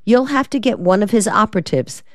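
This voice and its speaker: A woman's voice: medium pitch, expressive, a little fast, no echo, clean studio sound, pitched above the performer's own voice, close to an everyday voice. Woman reading as a sassy young secretary. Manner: drawling, sassy, wry. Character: quick-witted young female secretary, sassy. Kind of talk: audiobook reading.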